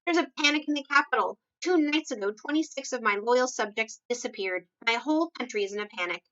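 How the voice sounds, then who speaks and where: Lady putting on a flustered king, loud and cranky, bright voice, bit lo-fi. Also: a little high, fairly quick, recorded from a distance, close to an everyday voice. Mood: testy. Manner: raised, exasperated. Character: indignant male king, testy and flustered.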